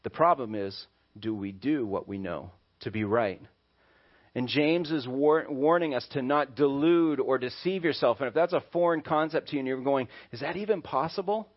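A man's voice: medium pitch, moderate pace. A male pastor preaching a sermon in a conversational way and acting out little voices, in a dull lo-fi recording.

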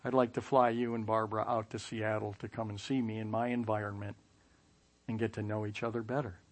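A man voicing a soft-spoken, devout male executive in a lower, quieter tone while telling a story. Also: level tone, brisk, natural voice. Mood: calm, earnest.

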